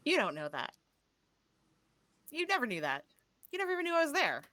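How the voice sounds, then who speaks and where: A woman's voice: high-pitched, huge pitch swings, a little fast, pushed and bright, dry recording, heavily acted. A woman voicing a sarcastic, exasperated woman detective in a tabletop game.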